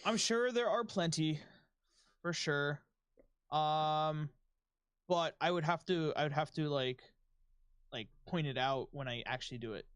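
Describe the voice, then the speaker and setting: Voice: mid-range voice, a little slow, pauses often, smooth, no echo. Laid-back podcast co-host, frequent laughter, dry close recording. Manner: easygoing, laughs often, trails off. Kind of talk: casual chat.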